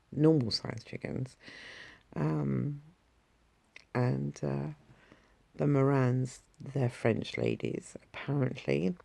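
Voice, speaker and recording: A woman tells a casual story to her viewers, rambling and correcting herself as she goes. Her voice carries a strong gravelly fry. She speaks slowly and unhurriedly, with a dark, mellow tone. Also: very deep voice, no echo. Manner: rambling, with frequent fillers and self-corrections. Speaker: vlogger.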